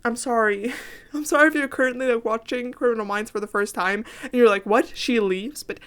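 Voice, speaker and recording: A woman's voice: fairly high pitch, steady tone, fairly quick, a bit bright, clear, resonant tone. A tired, sick teenage girl from Finland, rambling and giggling through a casual game voiceover and apologizing often. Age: late teens. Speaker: gaming YouTuber.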